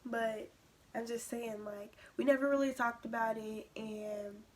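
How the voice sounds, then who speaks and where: A young woman vlogger telling a personal story in a casual, animated way, acting out what others said. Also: a little high, a little slow. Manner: animated retelling, acting out quoted lines.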